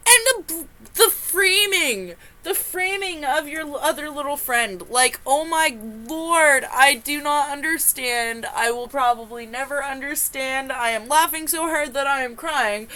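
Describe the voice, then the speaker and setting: A young woman with a high, bright voice reads posts out loud and keeps breaking off to exclaim in disbelief. She takes her time, drawing out her words between bursts of laughter. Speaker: host reading and reacting to online confessions. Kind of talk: comedic reaction reading.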